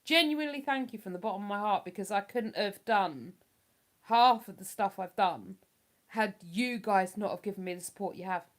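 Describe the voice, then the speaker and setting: A woman's voice: mid-range voice, normal speed. A woman hosting a casual livestream, chatting to her viewers and reading their comments aloud in a rambling, self-deprecating way. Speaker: livestream host reading chat. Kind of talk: casual live chat.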